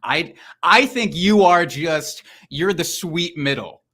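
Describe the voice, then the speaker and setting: A man's voice: fairly high pitch, animated, slow, pushed and bright, husky. A man from Iowa, a guest on a podcast, chatting in a joking, self-deprecating way. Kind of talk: casual podcast interview.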